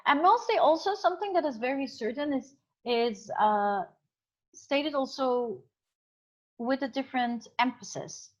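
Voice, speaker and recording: Female teacher, fairly high voice, muffled online-class audio, chatty explaining, lots of uh and um. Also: expressive, a little slow. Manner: explains with many examples, thinks aloud with fillers. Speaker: English teacher.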